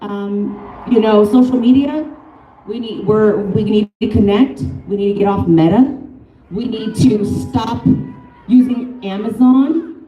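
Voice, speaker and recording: A woman's voice: medium pitch, takes it slowly, highs cut off, a little hiss or hum. A woman from Colorado giving a fiery, profane, off-the-cuff protest speech at an outdoor rally. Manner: fiery, profane, off-the-cuff, laughs between lines. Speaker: rally speaker. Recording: echoey, from a distance.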